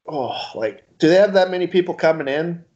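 A man's voice: on the high side, lively intonation, brisk, darkish tone. Hesitant man chatting on lo-fi podcast. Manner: hesitant, many fillers, chuckling. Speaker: podcast co-host. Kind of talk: casual chat. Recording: dull lo-fi podcast audio.

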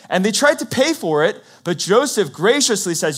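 Lively pastor, a man with a higher voice. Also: moderate pace, hardly any pauses. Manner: animated storytelling, acting out quotes, conversational asides. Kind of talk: expository sermon retelling a Bible story.

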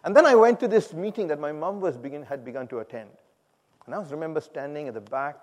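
A man telling his personal testimony to a congregation, animated, acting out the people he quotes and laughing at himself. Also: fairly high pitch, quick pace. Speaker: speaker giving a personal testimony. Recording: long hall reverb.

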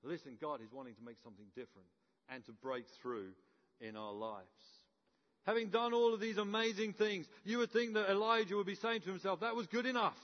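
A man preaches a sermon in a high voice, telling the story with humour and acting out each character. The sound is a little muffled and rings with long reverb, as if in a large hall. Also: lively intonation, brisk.

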